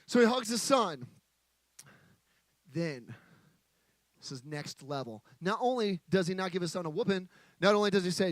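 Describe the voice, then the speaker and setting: A man's voice: high-pitched, animated, moderate pace, pauses often, no room sound. A man preaching a sermon from a stage, joking with a live audience in a playful, chatty manner.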